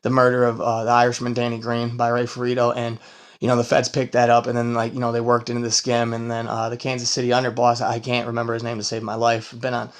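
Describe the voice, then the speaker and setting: A man's voice: medium pitch, completely flat delivery, quick pace. A man hosting a casual true-crime podcast, rambling and swearing between fillers, tired from a long work week. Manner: rambling and profane, full of fillers and laughs. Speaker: podcast host.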